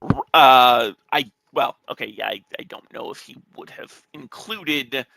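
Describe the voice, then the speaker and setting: A man's voice: mid-range voice, a little slow, creaky, pushed and bright, no room sound, poor audio. A man co-hosting a casual talk about a classic poem, hesitant and careful as he reads lines aloud and explains them. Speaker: podcast co-host. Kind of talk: casual discussion.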